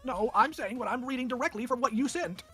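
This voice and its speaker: A man's voice: very high voice, expressive, quick pace, sharp tone, breathy edge, soft background music. A man arguing heatedly on a voice call, defiant and insistent, repeating himself. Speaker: call participant.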